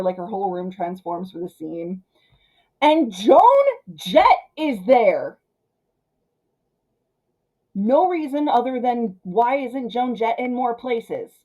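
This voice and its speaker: A woman reviewing a film in a chatty, animated way, full of fillers like "um" and "like.". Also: medium pitch, low-quality recording.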